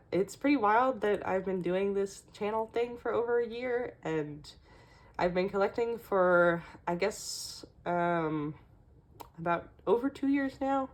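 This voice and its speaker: A young woman casually walking through her photocard collection, chatty, with many fillers and small laughs. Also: medium pitch. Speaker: K-pop collecting vlogger.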